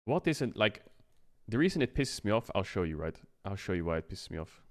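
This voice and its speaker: A man's voice: on the low side, sing-song, brisk. A man streaming a casual explanatory rant, talking it through conversationally, often checking in with the listener and swearing now and then. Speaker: streamer and game analyst.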